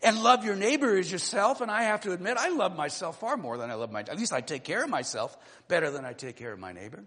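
A man in his sixties preaching a sermon, telling a personal story that moves between animated and low, quiet passages. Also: fast, long reverb tail. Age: 60s. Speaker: pastor.

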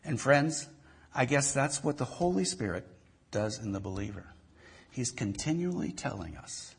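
A man's voice: medium pitch, big pitch swings, moderate pace, gravelly, breathy edge. A male pastor giving a sermon, telling a story with animation and often repeating words.

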